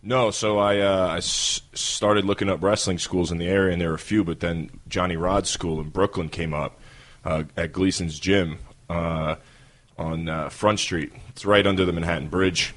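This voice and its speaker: A man with a New York accent, a wrestler telling stories as a podcast guest in a relaxed way with many fillers. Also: sits low, normal speed. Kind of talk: casual interview talk.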